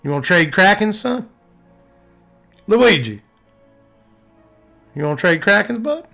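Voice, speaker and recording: A man voicing a brash, folksy older country man with a gravelly drawl while commentating a card game. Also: medium pitch, completely flat delivery, very fast, a bit bright, faint music behind, pitched below the performer's own voice, natural voice. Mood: taunting. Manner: taunting, cocky country talk.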